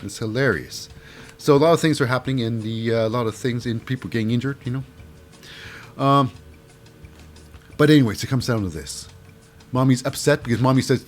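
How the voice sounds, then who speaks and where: A man's voice: medium pitch, brisk, pauses often. A man giving a casual, jokey recap of a wrestling show. He rambles and fills his talk with "uh" and "you know".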